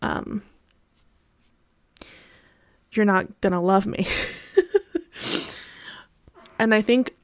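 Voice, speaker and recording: A woman's voice: mid-range voice, steady tone, very slow, long pauses, no room sound, clean studio sound. A young adult woman hosting her podcast, talking in a candid, rambling and tangential personal monologue. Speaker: podcast host.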